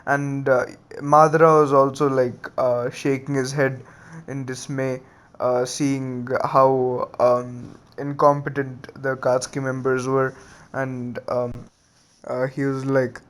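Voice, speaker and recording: A man's voice: medium pitch, level tone, slow pace, clean tone. A man casually retelling a fan story in a rambling, hesitant way.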